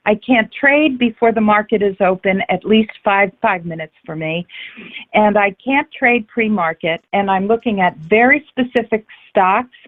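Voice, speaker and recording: A woman trader being interviewed, talking frankly and passionately about her life and trading, swearing freely and restarting her sentences often. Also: mid-range voice. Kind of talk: candid personal interview. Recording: tinny phone-like line.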